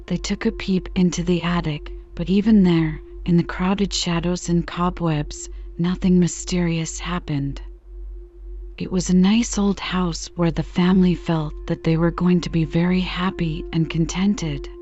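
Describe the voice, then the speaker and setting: A woman reads a bedtime story very slowly in a low, mellow voice. Her delivery is calm and soothing, meant to lull listeners to sleep. The recording sounds a little dull, with faint singing bowl music underneath. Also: no room sound. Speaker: podcast narrator.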